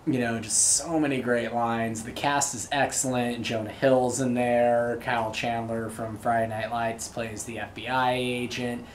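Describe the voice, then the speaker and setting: A man's voice: mid-range voice, fairly even intonation, normal speed, hardly any pauses, a little hiss or hum. A young man hosting his own show, rambling through a casual monologue full of fillers. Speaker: show host. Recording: roomy echo, faint ambience.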